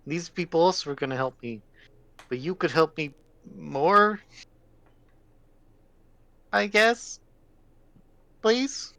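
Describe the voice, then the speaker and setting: A man's voice: a little high, expressive, takes it slowly, vocal fry, long pauses, bright, forceful tone, no echo, voice pushed up, heavily acted. A man voicing a young boy who is searching for his missing mother, pleading and stammering.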